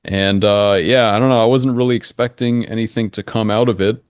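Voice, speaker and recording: A young man with a lowish voice gives relaxed interview answers, steady and matter-of-fact. He thinks aloud, building his points step by step. The sound is dry and close, with almost no room on it. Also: fairly quick, clean tone, dry recording. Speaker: interview guest, engine simulation creator.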